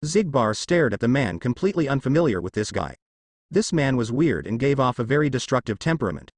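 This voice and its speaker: Lively male storyteller reading fan fiction. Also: medium pitch, brisk, no echo, clean studio sound. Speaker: narrator.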